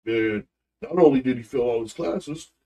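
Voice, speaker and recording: A man's voice: mid-range voice, animated, normal speed, gravelly, mellow. Middle-aged guy on a podcast, fired-up storytelling, does all the voices, a bit far off the mic. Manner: emphatic, acts out every voice in his story. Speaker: guest. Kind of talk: animated storytelling in casual chat. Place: podcast studio.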